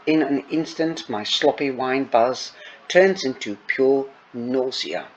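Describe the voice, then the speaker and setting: A man reading a novel aloud in the first person, unhurried with small stumbles. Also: medium pitch, lo-fi sound, a little hiss or hum. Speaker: audiobook reader. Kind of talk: first-person audiobook narration.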